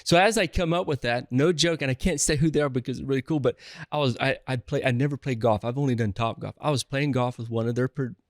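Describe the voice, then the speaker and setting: A man with a Southern accent, a real estate investor telling stories in a casual interview, energetic and rambling with many restarts. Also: medium pitch, fast talker, dry recording, clean studio sound.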